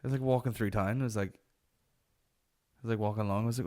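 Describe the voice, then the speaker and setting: A man's voice: on the low side, steady tone, fast, pauses often, dark tone. A man hosting a comedy podcast, telling profane, rambling anecdotes. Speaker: podcast host. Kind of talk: comic storytelling.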